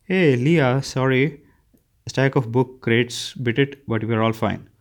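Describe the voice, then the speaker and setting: A man's voice: mid-range voice, slow. A man doing a weary, apologetic dad.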